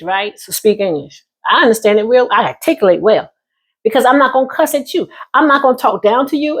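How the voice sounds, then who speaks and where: A woman's voice: fairly high pitch, husky. Emphatic woman calling everyone honey. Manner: emphatic, calls listeners honey and baby, bursts of whooping. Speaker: vlogger giving life advice. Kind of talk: heartfelt casual monologue.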